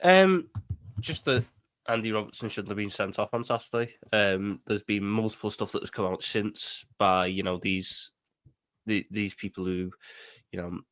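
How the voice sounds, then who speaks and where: A man's voice: fairly low pitch, normal speed, fairly bright tone. A man with a Scouse accent, a guest on a football chat, stammering through a mock-lawyerly defence. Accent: Liverpool Scouse. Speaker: guest pundit. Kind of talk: casual football debate.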